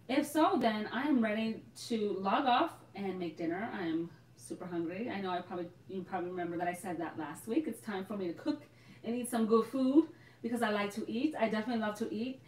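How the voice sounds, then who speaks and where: A young woman hosting a casual live Q&A, bubbly and chatty, laughing often and exclaiming as she answers viewers. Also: a little high. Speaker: host of a live Q&A for a hair care shop. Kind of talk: casual live-stream chat. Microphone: phone. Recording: roomy, from a distance off the mic.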